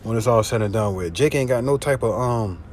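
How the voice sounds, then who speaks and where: A man preaching informally, slangy and profane, often asking if you see what he's saying, and reading scripture louder. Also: a little fast, a little hiss or hum. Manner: louder and higher when reading scripture aloud. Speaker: street preacher. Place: in a car. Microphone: phone.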